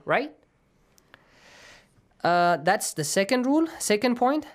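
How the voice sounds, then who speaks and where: A man's voice: high voice, big pitch swings, unhurried, pauses often. Patient man teaching Quran recitation rules. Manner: patient, step-by-step explaining, checks understanding with "yes?". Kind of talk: radio Quran lesson.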